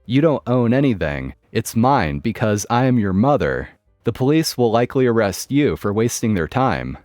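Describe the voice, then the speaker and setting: A man's voice: lowish voice, very animated, normal speed, a little mellow, no echo, clean studio sound, soft background music. A man reading the lines of a bossy, entitled middle-aged mother in a domineering, indignant way.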